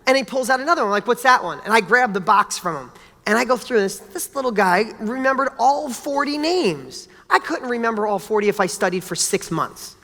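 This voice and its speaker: Bright, forceful male speaker giving a motivational talk, animated and blunt in his storytelling. His voice rings with a long reverb, as in a large hall. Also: very high voice, a little fast. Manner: animated, casual, blunt, with mild swearing. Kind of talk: motivational talk with personal stories.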